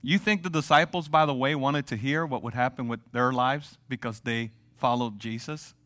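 A male pastor preaching a sermon in an animated way, reading scripture and acting out quoted voices with humor. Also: mid-range voice, normal speed.

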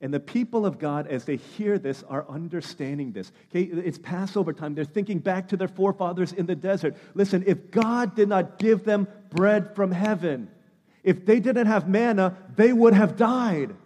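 A man with a high voice preaches a sermon. He talks to the congregation in a conversational, emphatic way, pressing on key words and then dropping to a hushed low. His voice rings with the long reverb of a church hall. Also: moderate pace. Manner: conversational, emphatic preaching that swings between loud stress and hushed lows. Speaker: pastor.

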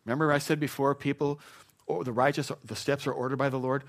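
A man's voice: mid-range voice, little pitch movement, fast. A middle-aged man preaching a sermon as pastor, earnest and conversational, often restarting and swinging in emphasis.

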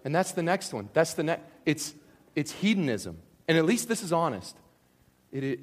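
A man preaching a sermon, animated and conversational, acting out the voices of imagined people. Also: medium pitch, in a large hall. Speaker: pastor.

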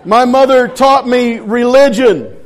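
High-voiced man, a joking pastor. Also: slow pace. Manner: playful, teasing, loose with restarts. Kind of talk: casual joking sermon.

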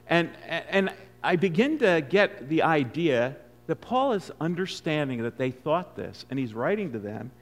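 An older man preaching a sermon as a guest speaker, conversational and then emphatic on key points. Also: on the high side. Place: church sanctuary. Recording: long hall reverb.

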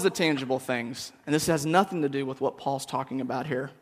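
Casual joking preacher in a reverberant hall. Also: male voice, medium pitch, brisk. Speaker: church staff preacher. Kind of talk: conversational sermon.

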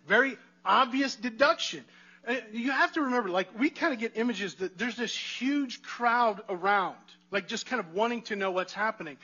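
A man's voice: high-pitched, pushed and bright, muffled recording. A man preaching a sermon in a conversational way, asking the congregation rhetorical questions. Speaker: pastor.

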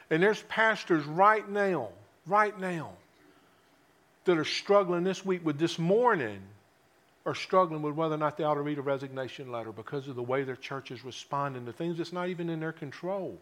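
A preacher with a notably high voice delivers a sermon. He keeps asking the congregation questions and lets his voice fall to a hush before rising again on the key points. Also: normal speed. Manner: dramatic swings from loud to hushed, rhetorical questions.

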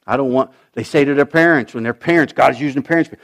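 A male pastor preaching a sermon, swinging from loud urgent shouts to hushed, almost whispered asides. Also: medium pitch, fast. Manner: animated preaching, rising to shouts, dropping to near whispers.

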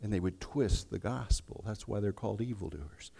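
A man preaching a sermon, emphatic, swinging between hushed and loud delivery. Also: lowish voice, normal speed, vocal fry, husky. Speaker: pastor. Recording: long reverb of a large hall.

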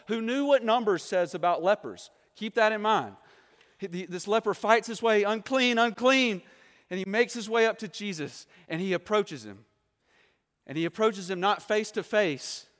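A man preaching a sermon, asking the listeners rhetorical questions and acting out the quoted voices. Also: sits high. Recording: long hall reverb.

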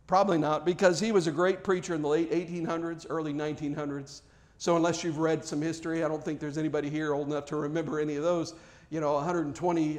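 A man with a notably high-pitched voice preaches to his congregation. He builds emphasis as he goes, often stumbling and restarting words mid-phrase in an earnest sermon style. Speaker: pastor.

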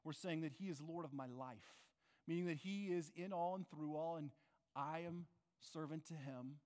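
A man's voice: on the high side, a little mellow. A man preaching a sermon as pastor, earnest and conversational, often asking his listeners questions. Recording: long reverb of a large hall.

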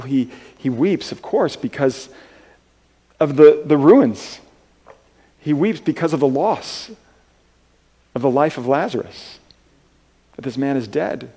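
Gravelly-voiced man preaching earnestly. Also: medium pitch. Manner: earnest, halting with repeated restarts, swings from soft to loud. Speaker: pastor. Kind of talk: sermon.

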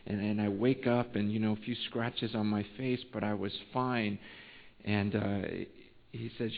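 A man preaching as pastor, telling a story and swinging from hushed, quiet passages to fired-up ones. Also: mid-range voice, animated, normal speed, in a large hall. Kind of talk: sermon. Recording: tinny phone-like sound.

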